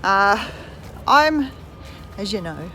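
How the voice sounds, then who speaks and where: A woman's voice: mid-range voice, sing-song, drawn-out words, sharp tone, a little hiss or hum, low-quality recording. A woman in her thirties from New Zealand with a New Zealand accent, chatting casually as a vlogger while walking outdoors and filming on a phone. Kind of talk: casual chat.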